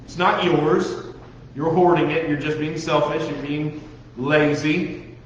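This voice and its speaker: Man, pastor, lively sermon, somewhat high voice, dull boomy recording in a big echoing hall. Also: slow pace. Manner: lively, talks straight to the young listeners, acts out voices. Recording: dull, echoey hall recording with faint noise.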